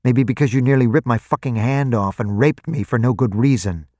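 A man's voice: fairly low pitch, unhurried, mellow, no room sound, clean studio sound. A man voicing a cornered, defiant male human crew member in a storybook reading, strained and bitter. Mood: furious.

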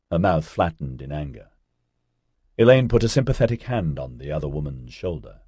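A man's voice: extremely low pitch, normal speed, breathy edge, no echo, clean studio sound. A man narrating an audiobook expressively, voicing every character himself. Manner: expressive, voices many characters.

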